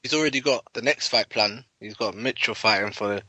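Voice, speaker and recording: A man's voice: lowish voice, a little fast, pushed and bright, no room sound, rough recording. A man co-hosting a casual podcast chat, blunt and mocking, often laughing. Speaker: podcast co-host.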